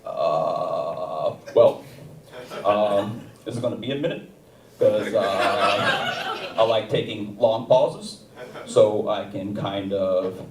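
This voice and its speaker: A man doing a slow, pausing statesman. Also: lowish voice, voice pushed down. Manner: slow with long deliberate pauses. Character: impression of a measured former president. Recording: roomy theater sound, distant mic.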